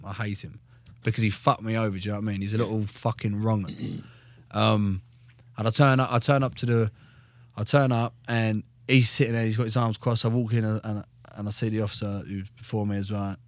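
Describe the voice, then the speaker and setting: A man's voice: lowish voice, fairly quick, dry recording. A young man, a former soldier, telling his story in a casual podcast chat, blunt and full of swearing. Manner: blunt, heavy swearing, animated retelling.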